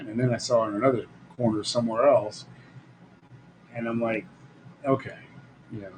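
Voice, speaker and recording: A man's voice: mid-range voice, slight background noise, rough recording. A middle-aged man hosting a live stream, telling blunt, rambling stories in a casual way and laughing often. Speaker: live show host. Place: Las Vegas.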